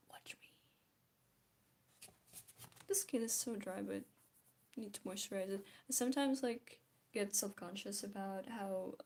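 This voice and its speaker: Chatty woman painting, mellow voice. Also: mid-range voice, vocal fry. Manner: chatty, self-mocking, drifts into soft whispers. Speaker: art vlogger. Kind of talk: casual chat while painting.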